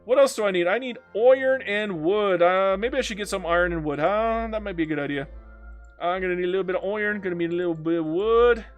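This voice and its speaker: A man's voice: high-pitched, fast talker, faint music behind. A man streaming a strategy game, chatting casually, joking and reading viewer comments aloud. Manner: chatty, joking, reads chat aloud, breaks into silly mock voices. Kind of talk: live gameplay commentary.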